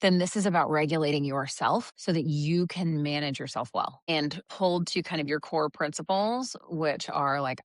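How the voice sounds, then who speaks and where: A woman's voice: low-pitched, moderate pace, hardly any pauses, dry recording, studio quality. A middle-aged woman co-hosting a casual parenting podcast, chatty and quoting herself in a sing-song voice. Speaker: podcast co-host.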